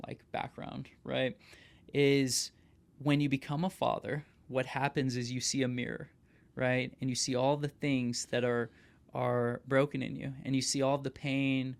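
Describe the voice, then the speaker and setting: A man's voice: medium pitch, little pitch movement, a little slow, vocal fry, smooth. A young adult man, a podcast host, telling a personal story in casual conversation, earnest and often asking "right?".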